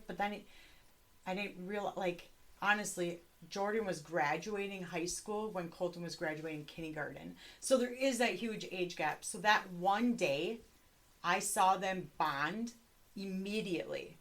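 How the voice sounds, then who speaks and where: A woman's voice: mid-range voice, measured pace, fairly bright tone. A woman in her forties chatting candidly with her daughter on a podcast, swearing freely and laughing often. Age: 40s. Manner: candid, profane, laughing, rambling. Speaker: podcast co-host, mother. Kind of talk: casual chat.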